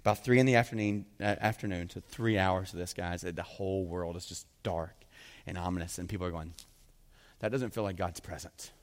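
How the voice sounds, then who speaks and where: A man preaching a sermon, swinging from hushed passages to loud, fervent peaks. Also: low-pitched, fairly even intonation, fairly quick. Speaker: pastor. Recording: long reverb of a large hall.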